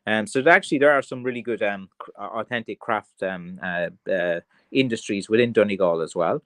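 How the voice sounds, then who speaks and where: A man's voice: fairly low pitch, brisk, fairly bright tone, no echo. Rambling Irish man, dry close sound. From Ireland. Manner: rambling and chatty, many fillers and restarts. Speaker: craft seller hosting a livestream. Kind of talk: casual livestream chat, reading viewer comments.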